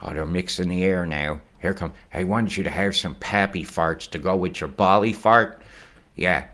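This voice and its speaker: Deep-voiced rambling male forecaster. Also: moderate pace. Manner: rambling, excitable, swears, drifts into rhymes. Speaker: weather forecaster. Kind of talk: casual forecast vlog.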